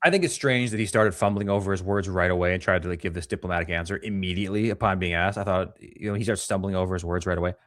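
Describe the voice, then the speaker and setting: A man with a lowish voice rattles through a show review at a rapid clip. He gets excitable and profane, now and then breaking into loud outbursts. His voice is recorded dry and close. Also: no room sound. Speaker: podcast co-host. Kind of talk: casual chat.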